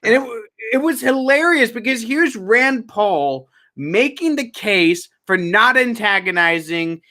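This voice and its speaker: A man's voice: very high voice, lively intonation, a little slow, pushed and bright. A man co-hosting a casual political podcast, talking in a sarcastic, profane way. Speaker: podcast co-host.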